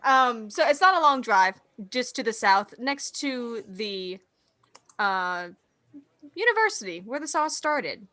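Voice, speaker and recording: A woman's voice: a little high, very animated, takes it slowly, sharp tone. A woman narrating as game master of a tabletop role-playing game, casual and laughing often.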